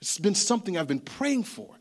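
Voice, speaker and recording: A man preaching a sermon, telling a story in an animated, chatty way that often repeats words. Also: sits high, fairly quick, slightly rough. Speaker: pastor.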